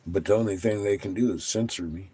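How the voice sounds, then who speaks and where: A man hosting his own channel, talking casually to viewers, animated and profane, laughing often. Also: lowish voice, quick pace, slightly rough. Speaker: channel host.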